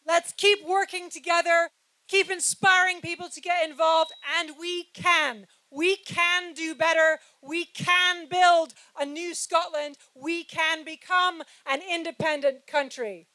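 A woman's voice: very high-pitched, fairly even intonation, a little slow, pushed and bright, no echo. Rousing woman politician at a rally. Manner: rousing, repetitive rallying cries.

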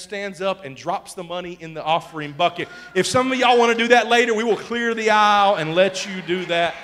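A male pastor, preaching a sermon in a folksy, joking way that swings from quiet confiding to shouting. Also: high voice. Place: church sanctuary.

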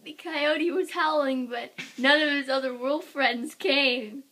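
A woman's voice: high voice, steady tone, takes it slowly, pushed and bright. A young woman vlogger telling a rambling, giggly story during a shadow puppet show. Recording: noisy home video.

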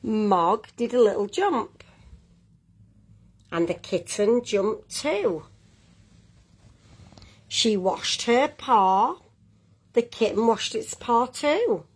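A woman reading a picture book aloud to children, gently adding little asides to young viewers. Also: on the high side, sing-song, drawn-out words, long pauses, breathy edge. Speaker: storyteller.

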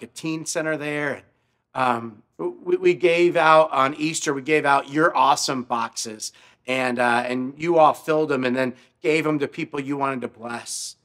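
A man's voice: fairly high pitch, a bit bright. A male pastor telling a story in a sermon, earnest, often repeating his words as he speaks. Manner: stammering repetitions, earnest.

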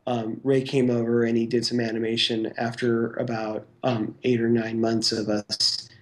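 A man's voice: medium pitch, little pitch movement, moderate pace. A man recounting his work as a guest on an interview podcast, speaking loosely and filling his sentences with "like" and "you know". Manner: rambling, full of "like" and "you know". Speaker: guest stop-motion animator. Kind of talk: casual interview recollection.

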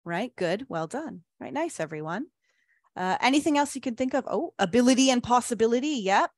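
A woman presenting a teacher-training webinar, upbeat and encouraging, reading chat replies aloud with quick praise. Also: a little high, animated, darkish tone, no room sound, clean studio sound.

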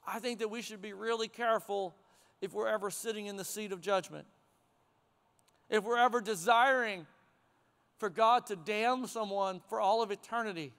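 Guy preaching in a big echoey hall, smooth clear voice, goes loud then real quiet. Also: sits high, moderate pace. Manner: animated preaching, rising to near shouts then dropping to hushed tones. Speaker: pastor. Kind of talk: sermon. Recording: long hall reverb.

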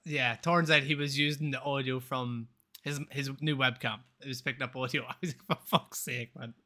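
A man's voice: mid-range voice, steady tone, fairly quick, sharp tone. A man chatting casually on a live game stream, rambling, swearing freely and laughing often.

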